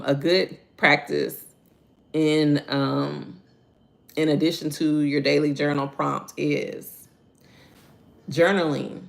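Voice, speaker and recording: A woman's voice: low voice, vocal fry. A woman hosts a morning devotional, reading verses and commenting on them animatedly for her viewers. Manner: talks to viewers directly, reading their chat names. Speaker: devotional host.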